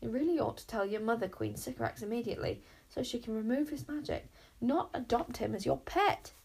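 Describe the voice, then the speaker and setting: A woman's voice: on the high side, fairly quick, creaky, a little mellow, husky. A woman voicing an earnest, rule-obsessed boy bodyguard in a storybook reading, fussy and lecturing. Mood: stern. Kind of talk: storybook read-aloud.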